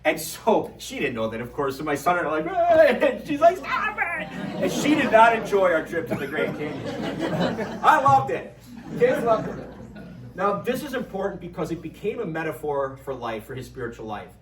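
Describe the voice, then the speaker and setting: Middle-aged male parish speaker, lively and joking, slightly high voice, recorded far off in an echoey hall. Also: moderate pace, a crowd in the background, noisy background. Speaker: adult formation speaker. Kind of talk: parish talk to an audience.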